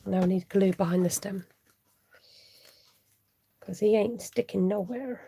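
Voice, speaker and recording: A woman hosting a live card-making tutorial, chatting warmly as she reads out viewer votes and laughs often. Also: medium pitch, steady tone, measured pace, vocal fry, slightly rough, no echo. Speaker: card-making livestream host. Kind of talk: live crafting tutorial chat.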